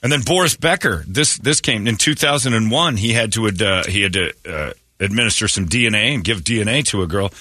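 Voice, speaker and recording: A man's voice: lowish voice, expressive, fairly quick, hardly any pauses, sharp tone, dry recording, clean studio sound. A man hosting a morning radio show, joking loosely and rambling through crude stories with frequent laughs.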